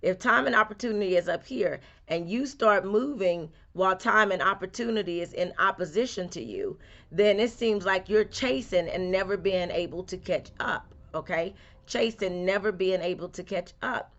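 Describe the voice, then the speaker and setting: A woman's voice: medium pitch, moderate pace, fairly bright tone, lo-fi sound. A woman speaking casually and directly to her viewers, repeating phrases in a folksy, encouraging way as she gives a spiritual reading. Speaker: spiritual reader. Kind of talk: casual motivational talk to camera.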